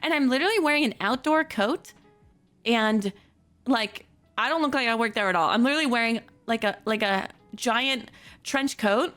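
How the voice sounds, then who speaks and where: A woman streamer at home at her computer, telling a story in a casual chat, animated and giggly, with lots of fillers and self-corrections. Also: fairly high pitch, moderate pace, faint music behind.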